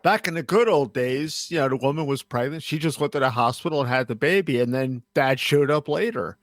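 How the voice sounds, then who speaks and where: A man's voice: medium pitch, fairly quick, no room sound, clean studio sound. A man, hosting a podcast with wry, sardonic jokes. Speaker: podcast host. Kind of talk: casual podcast banter.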